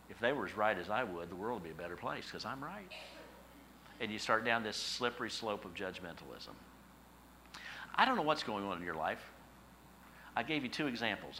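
A middle-aged male pastor preaching a sermon, telling stories with emphatic, animated repetition. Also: on the low side, a little hiss or hum, poor audio.

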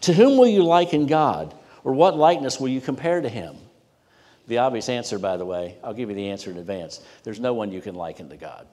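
A man preaching a sermon emphatically, rising in pitch and volume when reading scripture and dropping low for asides. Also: lively intonation, a little fast, dark tone. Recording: long hall reverb.

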